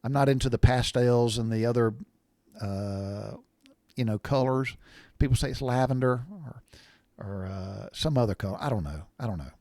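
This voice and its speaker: A man's voice: medium pitch, moderate pace, darkish tone, dry recording. A middle-aged man, hosting a podcast and telling rambling stories in a folksy, blunt way with salty language. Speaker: podcast host. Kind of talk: rambling storytelling monologue.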